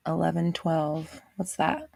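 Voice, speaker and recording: A woman hosting a livestream from a home setup, speaking slowly into a close, dry microphone. Her voice has a gravelly fry to it, and she is chatty and playful as she greets her viewers. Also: low-pitched, big pitch swings, darkish tone, no room sound. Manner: chatty and playful, reads out viewer names and laughs often. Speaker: host of a livestream show. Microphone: visible desk microphone on an arm.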